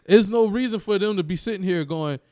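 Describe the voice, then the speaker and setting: A man with a fairly high voice co-hosts a casual chat show. He talks in animated, emphatic bursts and piles up repetitions to drive his point home. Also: a little fast. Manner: animated, emphatic ranting with repeated slang. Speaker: co-host.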